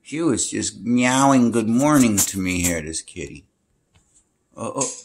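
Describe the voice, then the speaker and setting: A man with a fairly low, expressive voice speaks a little slowly as he films his cat in a home with a screened-in porch. He coos to her in baby talk, then wanders through a story in this casual handheld home video, with slight background noise.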